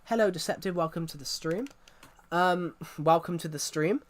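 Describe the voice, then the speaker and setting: A man's voice: on the high side, normal speed. A man who grew up in the United Kingdom chatting casually on a live stream, rambling and laughing with frequent restarts.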